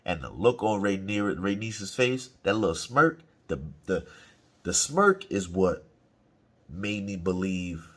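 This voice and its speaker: A low-voiced man with a husky edge recaps an episode in loose, slang-heavy commentary. He swears freely, and his pitch swings up and down as he goes. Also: unhurried. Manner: profane, slang-heavy, animated. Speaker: reaction channel host. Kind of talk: casual reaction commentary.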